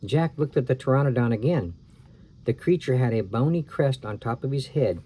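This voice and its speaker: A man's voice: medium pitch, expressive, normal speed, dark tone, breathy edge. A man reading a chapter book aloud to children, breaking off for chatty asides that explain the story. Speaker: storybook reader.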